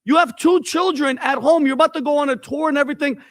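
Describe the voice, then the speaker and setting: Very high-voiced blunt man. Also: fast talker, no echo, studio quality. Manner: blunt, insistent. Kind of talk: opinionated panel talk.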